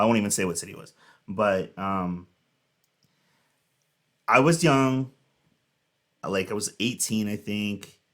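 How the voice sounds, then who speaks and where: A man in his thirties hosting a reaction video, chatting casually and telling a rambling, filler-heavy story. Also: lowish voice. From Southern California.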